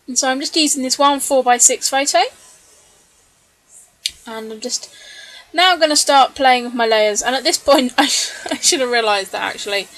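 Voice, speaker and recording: A woman narrating a scrapbooking video in voice-over, chatty and relaxed, with frequent ums and small laughs, a little tired late at night. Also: fairly high pitch. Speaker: scrapbooking vlogger. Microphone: voice-over recorded separately from the video.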